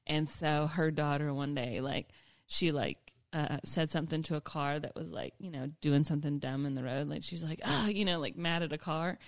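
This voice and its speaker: A woman co-hosting a podcast, chatting casually, laughing often and telling lively stories. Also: low voice, normal speed, hardly any pauses, no room sound. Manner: laughs often, animated storytelling. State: pregnant. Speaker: podcast co-host. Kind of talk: casual chat.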